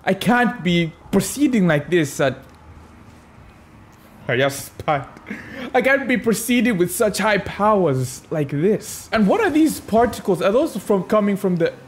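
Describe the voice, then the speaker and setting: A man's voice: high voice, sing-song, a little slow, slight background noise. A man giving casual, playful commentary while gaming, talking back to enemies and chuckling as he goes. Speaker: gaming video creator.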